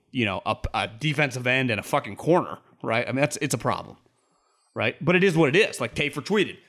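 A man talking sports on a podcast in loose, rambling chat. He pitches his voice up high whenever he quotes a coach or a fan, then drops back to an easy, middling tone. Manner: rambling, animated, quotes people in a raised voice. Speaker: podcast co-host.

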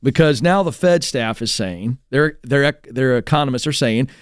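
A fired-up male talk radio host with a high voice that leaps all over the place. He talks in a quick, animated way and slips into mocking impressions of other people. The sound is close and dry, with no room around it. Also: no room sound. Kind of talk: energetic talk radio commentary.

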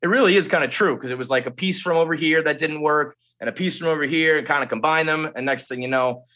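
Bright-voiced man telling stories, profane. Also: a little high, quick pace. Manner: profane, rambling storyteller. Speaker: podcast guest. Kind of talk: casual podcast chat.

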